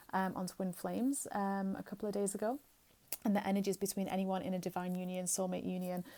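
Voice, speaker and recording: A woman's voice: medium pitch, mellow. A woman giving a casual spiritual card reading, flowing and soothing, often saying "um" and "right?".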